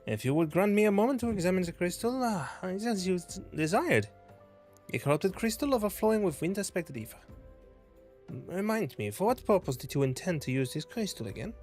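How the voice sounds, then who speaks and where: A man's voice: sits high, very animated, a little fast, a little mellow, soft background music. A man voicing a boastful, long-winded male scholar with a put-on French accent. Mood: pompous. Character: pompous self-important male scholar, boastful.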